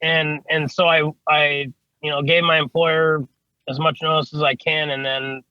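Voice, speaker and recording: This man's voice sits on the high side, level and unhurried, with a smooth tone; the sound is lo-fi but echo-free. He's an HVAC service technician appearing as a podcast guest, casually telling rambling stories peppered with swearing and frequent "you know what I mean."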